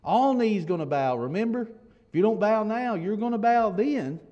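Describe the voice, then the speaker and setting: A man preaching a sermon in a fairly high voice. He talks in a loose, conversational way, full of restarts and asides. Then he pushes his points home with emphatic, rising declarations. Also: lively intonation, moderate pace, mellow, lo-fi sound. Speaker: pastor.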